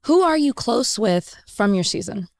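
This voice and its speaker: A woman co-hosting a podcast, interviewing a guest with animated questions, playful teasing and big jumps in her pitch. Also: unhurried, creaky. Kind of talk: casual interview chat.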